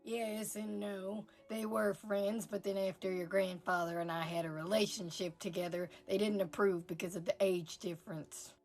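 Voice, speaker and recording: A woman voicing an elderly grandmother who speaks softly and slowly in a comedy sketch. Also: mid-range voice, level tone, soft background music, close to an everyday voice. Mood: quiet. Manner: soft-spoken, slow and hushed. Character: elderly grandmother recalling her past, calm.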